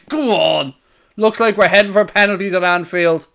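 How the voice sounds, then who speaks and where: A man hosts a live football watchalong stream. His voice sits high, bright and clear. He talks excitably, swearing freely and shouting over the big moments. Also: normal speed. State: out of breath. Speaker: watchalong host.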